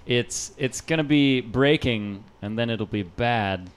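Male podcast guest, resonant smooth voice, hesitant casual chat. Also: mid-range voice, slow.

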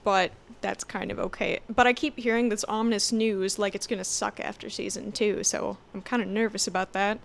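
A young woman guesting on a podcast, answering in relaxed, easygoing casual chat. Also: medium pitch, a little fast, vocal fry, hardly any pauses.

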